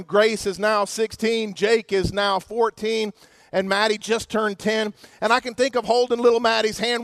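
A man preaching a sermon as pastor, emphatic, slowing to stress scripture and putting questions to the congregation. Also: very high-pitched, a bit bright, dry recording, studio quality.

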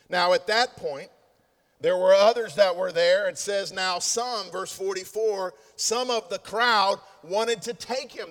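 A man preaching a sermon as a pastor, swinging between loud stressed lines and hushed asides. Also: high-pitched. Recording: long hall reverb.

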